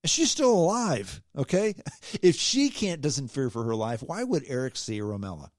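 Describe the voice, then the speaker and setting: Animated man ranting on his podcast. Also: mid-range voice, moderate pace, no echo, studio quality. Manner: emphatic, animated, often ends points with "okay?". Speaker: podcast host. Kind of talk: solo podcast opinion rant.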